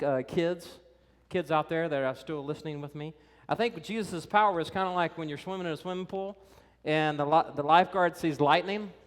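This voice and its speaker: A pastor with a slightly high male voice preaches in a church, his words echoing through a reverberant hall. He's conversational and animated, addressing the kids and teenagers in the congregation directly.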